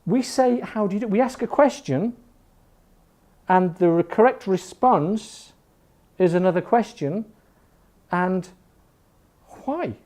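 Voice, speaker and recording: A man's voice: high-pitched, expressive, takes it slowly, pauses often, darkish tone. A man in his fifties with an educated Northern English accent, giving a chatty, jokey online class as an English teacher, often restarting his sentences. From Northern England. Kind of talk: informal online class talk.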